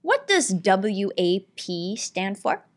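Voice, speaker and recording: A woman hosting a comedy talk show, firing off quiz questions with deadpan, mock-insulting jabs at her guest. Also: mid-range voice, takes it slowly. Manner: dry, mock-insulting quizmaster.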